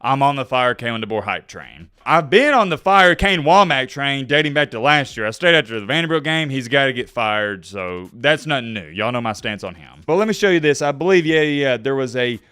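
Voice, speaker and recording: A man's voice: mid-range voice, animated, fairly quick, few pauses, sharp tone, smooth. A man ranting sarcastically and directly to viewers in sports commentary. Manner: heated, sarcastic, talks straight to viewers.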